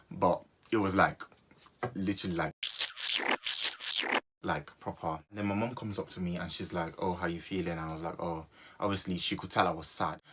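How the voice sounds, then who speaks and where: Low-voiced young man telling a story. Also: slightly rough. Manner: animated, repeats phrases for comic effect. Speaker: vlogger. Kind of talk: storytime vlog.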